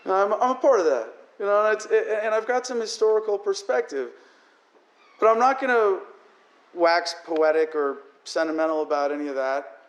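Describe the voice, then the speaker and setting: A man's voice: sits high, expressive, moderate pace. A man giving an emotional, profane political speech to a crowd, his voice cracking toward tears as he rants. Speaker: political speaker. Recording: echoey hall.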